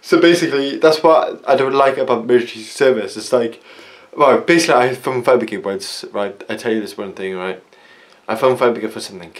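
A man's voice: mid-range voice, a little fast. A young man, vlogging in a rambling, casual rant that keeps circling back with filler phrases. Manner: rambling, repeats "basically" and "it's like".

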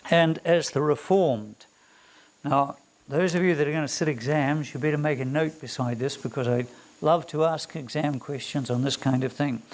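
A man with a New Zealand accent teaches a classroom lecture in a slightly high voice. He is emphatic, stresses key words and keeps asking his students rhetorical questions. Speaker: theology lecturer.

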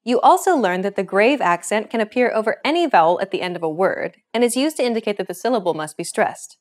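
A woman's voice: mid-range voice, expressive, fast talker. Upbeat woman hosting a language lesson. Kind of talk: scripted lesson narration.

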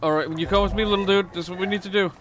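A man giving casual gameplay commentary into a close mic, excitable, swearing and laughing often. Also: high-pitched, rapid-fire. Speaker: let's play gamer. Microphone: close desk mic.

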